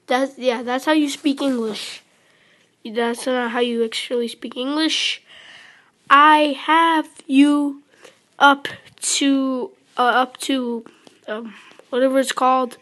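A nervous teenage girl commenting on her own gameplay, apologizing and giggling, with sudden excited outbursts while she plays, recorded on a phone. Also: high voice, takes it slowly. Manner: excited outbursts during play. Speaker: gamer.

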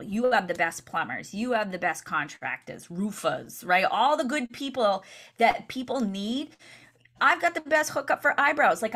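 A woman coaching real estate agents in a training session, energetic and chatty, often checking in with "right?". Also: on the high side.

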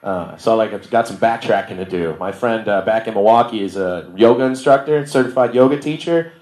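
Performing stand-up in a bar for a live crowd, this thirty-something man speaks in a brisk, somewhat low, slightly mellow voice. He keeps things loose and self-deprecating, frequently cracking himself up, and the audio carries a roomy live-venue quality.

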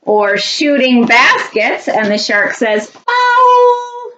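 A woman reading a picture book aloud to children, animated and laughing often. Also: on the high side, measured pace, dull audio, noisy background. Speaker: storytime reader.

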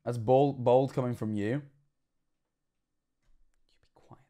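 A young man, streaming casual reaction commentary and often laughing, excitable and swearing. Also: mid-range voice, slow pace, long pauses.

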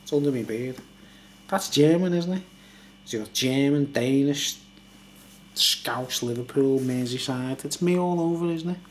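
A man's voice: medium pitch, measured pace, slight background noise. An older man, a little tipsy, rambling and laughing as he reviews a beer late at night at home. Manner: rambling, chatty, laughs often.

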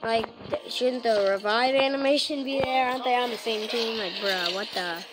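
A woman's voice: fairly high pitch, normal speed, heavy background noise. A woman hosting a reaction video, talking casually and rambling with slang while a film plays behind her. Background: video playing with music.

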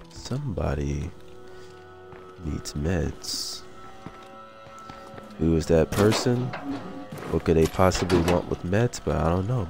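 A lower-voiced man who is a bit under the weather with a cold, rambling through a casual let's-play. He mutters to himself and drifts into goofy asides while game music plays clearly behind him. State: sick with a cold. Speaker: gaming video creator.

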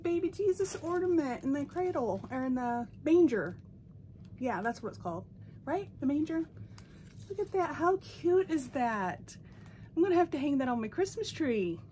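High-voiced gushing woman vlogger. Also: darkish tone, a little hiss or hum. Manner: gushing, sentimental, easily moved. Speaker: doll collector vlogger. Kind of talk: casual box-opening vlog.

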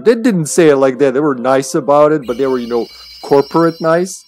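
A man's voice: mid-range voice, animated, moderate pace, darkish tone, soft background music. A man streaming a video game live, chatting casually and laughing often, swearing now and then.

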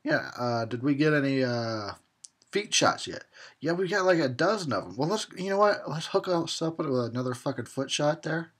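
Tipsy sarcastic man, husky and lively. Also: on the high side, moderate pace. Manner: sarcastic, laughing, swearing, jokey. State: tipsy from drinking. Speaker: host commenting on a horror film. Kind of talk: drunk film commentary.

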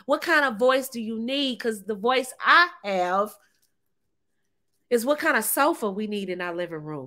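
Bright-voiced sassy woman. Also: a little high. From United States. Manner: sassy, emphatic, laughs often, addresses viewers as ladies and honey. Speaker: relationship advice vlogger. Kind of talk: casual talk to camera.

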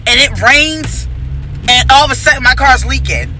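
A woman's voice: high-pitched, animated, normal speed, bright, forceful tone, slight background noise, low-quality recording. A young woman vlogging from inside her car, venting her frustration to the camera and swearing freely. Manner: profane, exasperated venting to camera. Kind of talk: casual vlog rant.

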